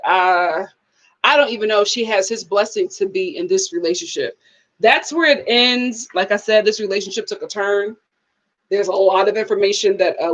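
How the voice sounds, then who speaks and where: A woman hosting a live TV review, talking in an expressive, animated way and responding to viewers. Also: medium pitch, highs cut off. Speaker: host of a TV review channel.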